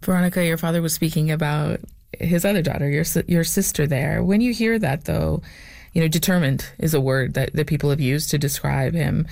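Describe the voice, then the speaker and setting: Radio host guy asking soft questions, gravelly voice, dry close sound. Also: on the high side, fairly even intonation, brisk, dry recording. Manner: gentle, conversational questions. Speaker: radio interviewer. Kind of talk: radio interview.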